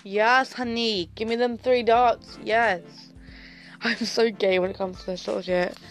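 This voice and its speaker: A woman's voice: a little high, fairly even intonation, unhurried, faint music behind. A young woman vlogging in a casual, sassy, camp way, full of swearing and dramatic outbursts. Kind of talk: casual livestream chat.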